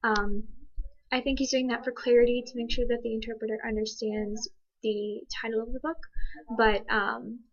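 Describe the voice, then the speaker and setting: Hesitant woman with a flat, lo-fi voice. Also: a little high, normal speed. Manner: thoughtful, hesitant, many ums. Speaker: interpreting student. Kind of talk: spoken commentary on a signed video.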